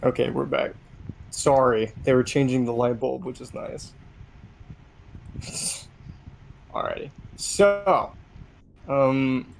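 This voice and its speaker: A man runs a tabletop game as game master, describing a character in a mid-pitched voice. His narration is hesitant and full of small pauses and fillers. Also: creaky, a little hiss or hum. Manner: hesitant, lots of ums.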